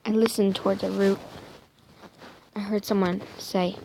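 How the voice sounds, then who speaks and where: Slow, gravelly woman telling a story. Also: mid-range voice, flat delivery, slight background noise. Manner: hesitant, soft, slipping into whispers, self-correcting. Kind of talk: improvised first-person story narration.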